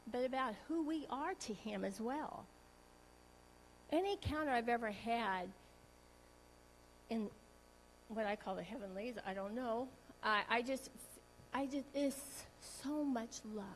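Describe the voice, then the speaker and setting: A woman sharing an emotional personal testimony in a church talk, earnest and halting, often restarting her sentences. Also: on the high side, slight background noise, low-quality recording.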